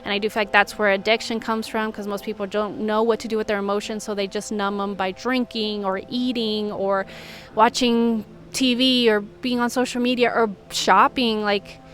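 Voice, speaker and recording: A woman's voice: mid-range voice, flat delivery, normal speed, fairly bright tone, slight background noise. A woman who works as a healing coach talks in a candid, earnest vlog monologue, with frequent "like" fillers.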